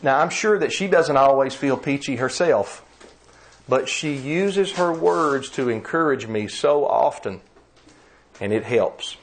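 A man's voice: mid-range voice, animated, slight background noise. Earnest male preacher delivering a sermon. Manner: earnest, emphatic, slows down on scripture.

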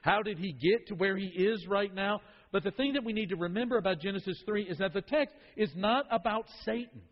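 A man with a high voice preaches a sermon, repeating phrases for emphasis and dropping to a hush before rising again. The sound is muffled and lo-fi. A long reverb trails his words through the hall. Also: a little fast. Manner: emphatic, repeats phrases, swings from loud to hushed. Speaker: pastor.

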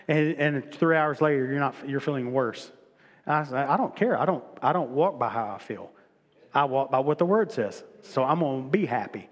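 A man's voice: medium pitch, lively intonation, normal speed. Man preaching in an echoing church hall. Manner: conversational preaching with repetitions and restarts. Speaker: pastor. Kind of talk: sermon. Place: church sanctuary.

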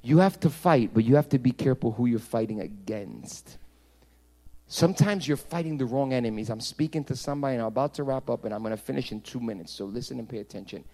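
A male pastor preaching a sermon, swinging between loud emphatic passages and hushed, intimate ones. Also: medium pitch, quick pace.

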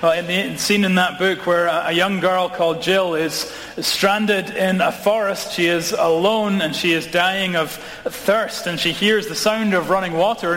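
A man delivers a sermon in a church sanctuary with a voice a little higher than most. He tells the story in a measured way and slows down to stress key lines. The sound rings with a long, roomy echo. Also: a bit bright. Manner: measured storytelling, slowing for emphasis. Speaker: preacher. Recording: echoey hall, voice from some distance.

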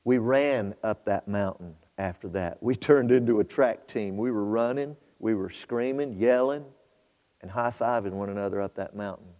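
A man preaching a sermon, shifting between quiet storytelling and loud, fervent exhortation to his congregation. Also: lowish voice, moderate pace. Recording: muffled hall with long reverb.

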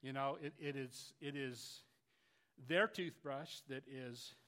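Earnest preaching man, bright forceful voice. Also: medium pitch, slow pace. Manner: earnest, confessional preaching with frequent restarts. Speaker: pastor. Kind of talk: sermon.

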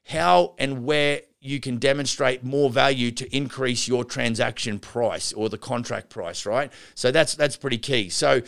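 This podcast host coaches renovation contractors in a loose, rambling instructional style, often restarting sentences, wandering into asides, and addressing listeners as "guys and gals." His medium-pitched voice is fairly bright and creaky, and he talks a little slowly with few pauses.

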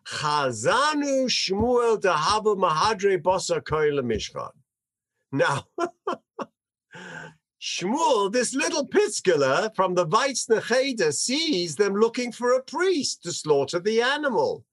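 A man teaching a text study class, reading verses aloud and translating them in a dramatic, animated way. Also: sits high, slow pace. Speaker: Bible teacher.

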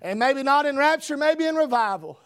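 Preacher, male, very high voice, dry close sound, shouts then hushes. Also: animated, normal speed, no room sound. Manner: builds to shouting emphasis, swings between loud and hushed. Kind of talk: revival sermon.

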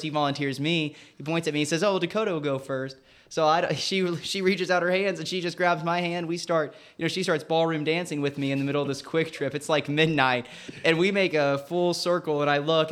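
Smooth-voiced young man telling a story. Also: on the high side, fairly bright tone. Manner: laughing as he tells a story. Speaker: guest. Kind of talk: storytelling in an interview.

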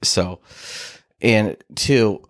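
A man's voice: fairly low pitch, very slow. A man co-hosting a casual podcast, teasing and laughing often, explaining things earnestly. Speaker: podcast co-host. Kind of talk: casual chat.

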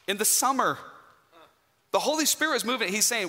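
A man preaching a sermon in a church, emphatic and dramatic, with pauses for effect. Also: high-pitched, big pitch swings, pushed and bright. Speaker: guest preacher. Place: church sanctuary. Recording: hall reverb.

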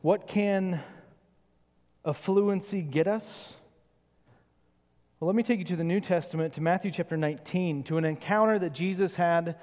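A man's voice: high voice, normal speed, long pauses, a little mellow, big-room sound. A man, a pastor, preaching a sermon earnestly and questioning his listeners. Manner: earnest, questioning, acts out quoted voices.

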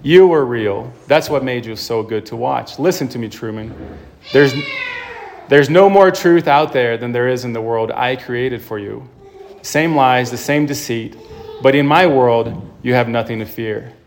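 A man voicing a middle-aged male television show creator who speaks in a calm, persuasive, possessive way. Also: mid-range voice, a little slow, a little hiss or hum, lightly acted.

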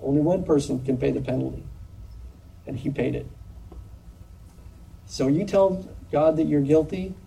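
A man with a dark, gravelly, husky voice preaches a sermon in an earnest, measured way. He pauses often between phrases. He sounds a little distant from the mic. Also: fairly high pitch. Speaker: pastor.

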